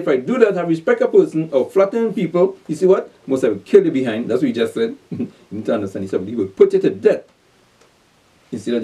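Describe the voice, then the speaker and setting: A man preaches a sermon, reading scripture slowly and then pressing his point with rhetorical questions and short laughs. His voice is mellow and dark, and he sits some distance from the microphone. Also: mid-range voice. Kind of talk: sermon, Bible reading and exposition. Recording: voice distant from the mic.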